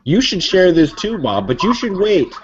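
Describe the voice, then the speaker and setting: A man co-hosting a casual webcast chat, playful and teasing with quick giggles. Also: high voice, sing-song. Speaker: co-host. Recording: dull lo-fi audio with faint hiss.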